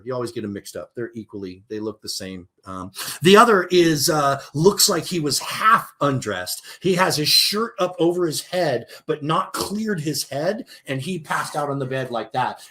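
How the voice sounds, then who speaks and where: A man's voice: medium pitch, animated, normal speed, sharp tone. A man narrating a tabletop game as game master in a casual way, with plenty of fillers.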